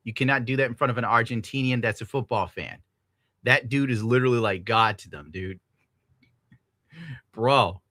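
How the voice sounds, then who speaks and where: A young man from the United States, hosting a livestream and reading donations in a casual, profane, animated rant, laughing often. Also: mid-range voice, normal speed, long pauses, dry recording, clean studio sound.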